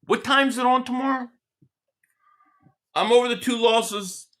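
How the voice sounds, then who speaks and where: A man's voice: extremely high pitch, steady tone, unhurried, fairly bright tone. A man hosting a live sports reaction stream, trash-talking and sarcastic as he chats with viewers.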